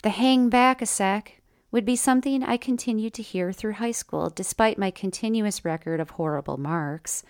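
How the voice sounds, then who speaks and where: A woman's voice: medium pitch, normal speed, hardly any pauses, darkish tone, clear, resonant tone, no echo. Dry-voiced woman telling a memoir. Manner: wry, conversational asides to listeners. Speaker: storyteller. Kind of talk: first-person memoir narration.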